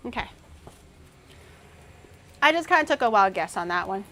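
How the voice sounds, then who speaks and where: A woman's voice: mid-range voice, sing-song, moderate pace, pauses often, a bit bright. A young woman chatting casually on a cooking livestream, thinking aloud and snapping back at her chat. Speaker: cooking streamer.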